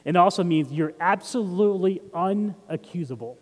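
A male pastor with a high voice and lively intonation preaches a conversational sermon at normal speed, asking the congregation questions. The audio has a big-room sound.

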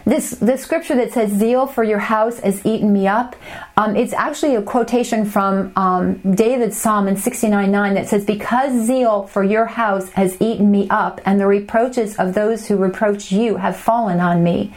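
A woman's voice: medium pitch, fairly even intonation, normal speed, darkish tone. A young adult woman teaching a Bible study, reading scripture passages aloud and then explaining them in a conversational way.

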